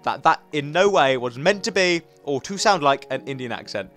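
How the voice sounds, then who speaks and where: A young man giving rambling, excitable let's play commentary as a gaming YouTuber. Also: fairly high pitch, moderate pace, soft background music. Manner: rambling, restarts often, excitable outbursts.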